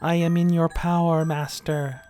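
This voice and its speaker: A man voicing a hypnotized young wife who speaks in a flat, dazed monotone, pitched high. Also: measured pace, soft background music, lightly acted. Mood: entranced.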